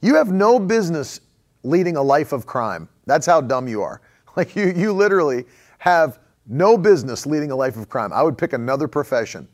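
A man's voice: fairly high pitch, sing-song, moderate pace. A man preaching a conversational sermon as a pastor. He repeats phrases for emphasis and chuckles often.

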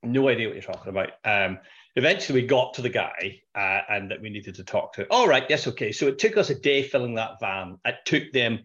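Guy telling a story on a podcast, lowish voice, muffled lo-fi sound. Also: brisk, fairly bright tone. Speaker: guest, financial planner. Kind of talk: conversational storytelling.

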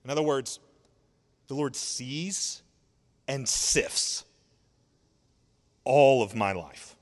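A man preaching a sermon in an expressive, conversational way, asking rhetorical questions and drawing out words. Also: mid-range voice, very slow, big-room sound. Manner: conversational, sarcastic asides. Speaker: pastor.

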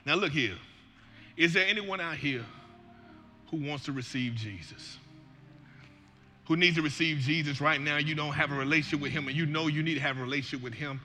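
A man preaching a sermon, shouting with passion and breaking into joking asides. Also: on the high side, a little fast, long pauses, a little hiss or hum. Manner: shouting, impassioned Black church preaching cadence.

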